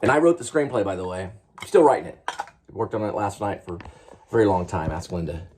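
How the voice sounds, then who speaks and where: A man's voice: low voice, fast talker, background noise. A man rambling casually in a vlog, trailing off and talking to his cat as he goes. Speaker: vlogger.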